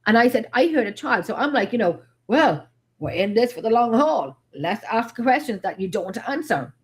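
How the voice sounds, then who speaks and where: An Irish woman hosting a paranormal live stream, telling stories in a rambling, animated, casual way. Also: fairly high pitch, brisk. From Ireland.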